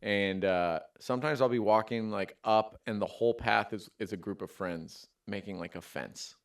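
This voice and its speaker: A man, a comedian, chatting casually on a podcast and telling stories with lively acted-out quotes. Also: on the low side, moderate pace. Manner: animated, acts out quotes with sudden loud outbursts. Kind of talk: casual storytelling chat.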